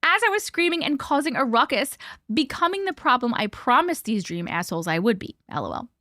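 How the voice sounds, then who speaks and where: Her voice is high and sharp, swinging widely in pitch at a slightly fast pace, captured in a clean studio with no room sound. The woman hosts a live stream and reads a listener's story out loud bluntly and expressively, adding profanity and her own reactions.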